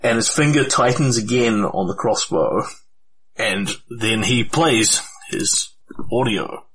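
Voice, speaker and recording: A man narrating a tabletop game as game master in a deliberate, descriptive way. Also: lowish voice, fairly bright tone, a little hiss or hum, rough recording.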